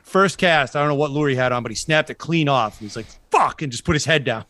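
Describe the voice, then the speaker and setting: A man's voice: mid-range voice, quick pace, bright, forceful tone. Blunt, swearing podcast storyteller man. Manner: blunt storytelling, swears freely, acts out both sides. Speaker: podcast co-host. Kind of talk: casual podcast chat.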